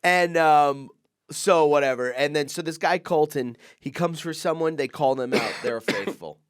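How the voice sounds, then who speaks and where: A man's voice: moderate pace, smooth, no room sound, studio quality. A man co-hosting a comedy podcast, telling a story in casual chat and acting out the people in it. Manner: animated storytelling, acts out quoted people with big jumps in pitch. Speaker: podcast co-host.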